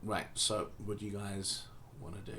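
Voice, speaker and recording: A man narrates as game master in a low voice, meandering through descriptions with plenty of ums and restarts. A faint hum runs under the recording. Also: flat delivery, moderate pace, pushed and bright. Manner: loose, full of ums and restarts.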